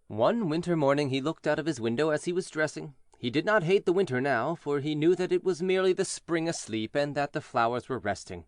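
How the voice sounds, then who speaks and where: A man narrating a fairy tale for English learners in a clear, measured, expressive way. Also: fairly high pitch, no room sound, studio quality. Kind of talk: storybook reading for English learners.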